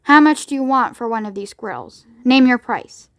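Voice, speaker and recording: A woman's voice: fairly high pitch, lively intonation, normal speed, a bit bright, no room sound, studio quality. A woman voicing a pompous wealthy father who speaks in a self-important, brusque way.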